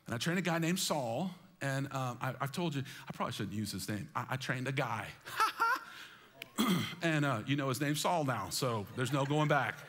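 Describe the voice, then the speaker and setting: A man preaching a sermon with high energy, calling on the congregation to join in and repeating phrases for emphasis. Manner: energetic, calls on the congregation to respond. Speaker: pastor. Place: church sanctuary.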